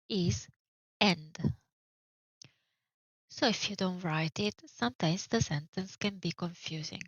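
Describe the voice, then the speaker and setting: A woman teaching grammar in an online lesson, explaining slowly and carefully with examples. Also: medium pitch, dry recording. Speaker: Italian teacher. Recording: dull, dry lo-fi audio.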